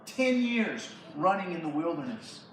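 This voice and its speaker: A high-voiced man telling a Bible story to a youth group, lively and slangy. His voice bounces around a large church hall, picked up from far back, with a faint hiss under it. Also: a little slow. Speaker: youth pastor.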